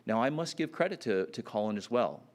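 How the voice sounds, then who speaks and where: A man's voice: medium pitch, expressive, a little fast. A man giving a campaign speech at a public announcement, earnest and full of fillers and restarts. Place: announcement event.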